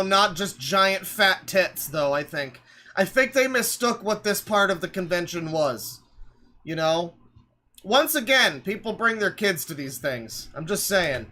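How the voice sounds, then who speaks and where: A man's voice: high voice, lively intonation, unhurried, bright, forceful tone. Wry, crude male streamer. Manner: wry, crude, rambling asides. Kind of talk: live stream reaction commentary.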